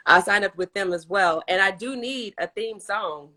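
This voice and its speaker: Bright, chatty woman host. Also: mid-range voice, normal speed. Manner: laughs often, animated and chatty. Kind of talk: casual online interview.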